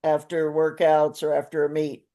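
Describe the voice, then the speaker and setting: A woman's voice: low voice, completely flat delivery, moderate pace, mellow. A woman hosting an interview on a coaching call, asking long, rambling questions and laughing often. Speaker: interview host.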